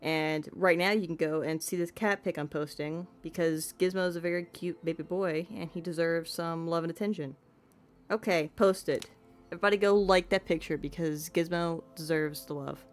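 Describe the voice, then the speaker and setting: Chatty low-voiced woman streamer. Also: fairly even intonation, normal speed, soft background music. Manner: chatty, playful, talks to her cat and chat. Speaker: game streamer. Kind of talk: casual gameplay commentary.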